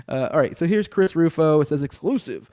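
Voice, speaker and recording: A man's voice: fairly high pitch, lively intonation, moderate pace, warm tone, no room sound, clean studio sound. A man hosting a podcast from home, talking in a rambling, profane, sardonic way with many restarts. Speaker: podcast host. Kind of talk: casual solo commentary with chat. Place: home room with a cat and a desk.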